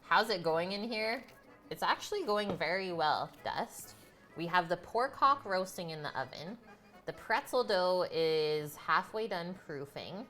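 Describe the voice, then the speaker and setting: Woman host, casual kitchen stream, relaxed slow patter to chat, soft music underneath. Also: fairly low pitch. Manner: chatty, giggly, talks to chat viewers. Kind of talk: casual live-stream chat while cooking. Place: home kitchen.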